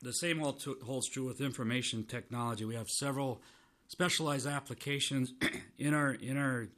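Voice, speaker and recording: A man, a state transportation commissioner giving formal testimony to a committee. He is losing his voice and keeps clearing his throat, and he speaks in a measured way with restarts. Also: mid-range voice, steady tone, fairly bright tone.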